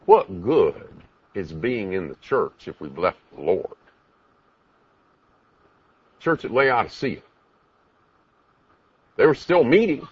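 A man's voice: lowish voice, big pitch swings, slow, long pauses, breathy edge, dry recording, highs cut off. A man preaching a sermon, emphatic, asking the congregation many rhetorical questions.

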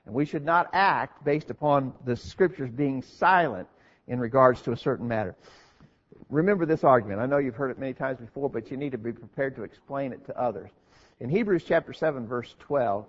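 A man's voice: medium pitch, husky. A man preaching a sermon, earnest and explanatory, asking and answering his own questions. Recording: dull lo-fi recording.

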